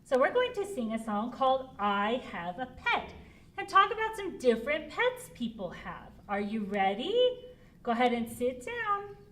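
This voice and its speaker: A woman librarian hosting a preschool storytime, talking gently in a sing-song way to small children. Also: sits high, very animated, moderate pace.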